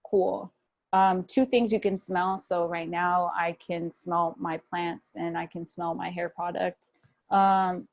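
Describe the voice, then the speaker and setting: A young woman speaking casually to an online audience over a video call from a room at home, relaxed and chatty, with many fillers and restarts. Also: on the low side. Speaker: guest speaker at a wellness webinar. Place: home room with a fan running.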